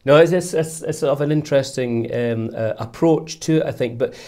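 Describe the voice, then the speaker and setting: A man hosting an interview, who asks thoughtful questions in a halting way with many fillers. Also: medium pitch, warm tone. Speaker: interviewer host. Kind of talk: casual interview chat.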